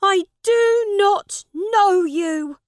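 Woman doing a boy king shouting in anguish. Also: very high voice, drawn-out words, dry recording, clean studio sound, voice pushed up, exaggerated voice. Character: boy king crying out in denial.

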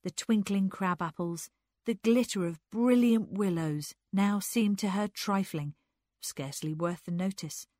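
A woman narrating a literary story aloud in an unhurried, expressive reading. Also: medium pitch, no room sound, clean studio sound.

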